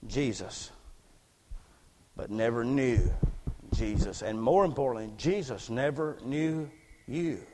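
Man, preacher, fervent sermon, church, long echo. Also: medium pitch. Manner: fervent, rising to shouts, repeats words. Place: church sanctuary.

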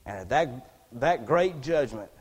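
A man preaching a sermon in a church, fervent, repeating words and rising to shouts. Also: medium pitch, expressive, measured pace, breathy edge, big-room sound. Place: church sanctuary.

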